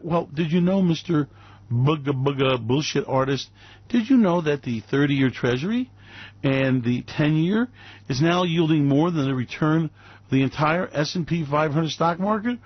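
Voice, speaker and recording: Male radio host, sarcastic ranting monologue, raised pitch, flat lo-fi sound. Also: normal speed, no room sound. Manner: mocking, theatrical, swings into put-on silly voices.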